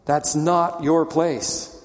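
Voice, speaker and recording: A man's voice: on the high side, level tone, extremely slow, long reverb tail. A man pastor preaching a conversational sermon, explaining scripture and asking rhetorical questions.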